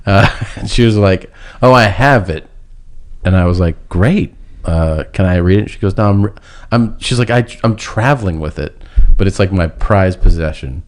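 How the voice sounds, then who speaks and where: A man's voice: low-pitched, normal speed. A man telling a long, rambling personal story in casual podcast chat, laughing now and then. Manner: rambling, laughs through his own story.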